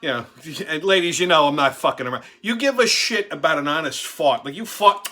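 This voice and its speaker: Brash new guy in his 40s, cussing through a funny story, bright punchy voice. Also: on the high side, lively intonation, brisk, few pauses. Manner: brash, crude, swears constantly, acts out quotes. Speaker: show host. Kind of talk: profane comedic storytelling monologue.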